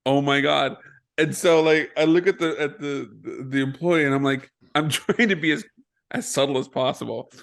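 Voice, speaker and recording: A young man with a fairly high voice tells a story on a casual podcast. He talks in an animated way, laughs, swears freely and pokes fun at himself. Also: moderate pace, gravelly. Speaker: podcast co-host.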